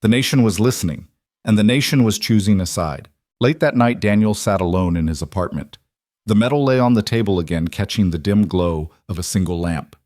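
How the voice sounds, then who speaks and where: A man reads a story in a low, steady voice, pacing each sentence with measured drama. The sound is dry and close, with no room around it. He narrates with the even control of a scripted storyteller. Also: no echo.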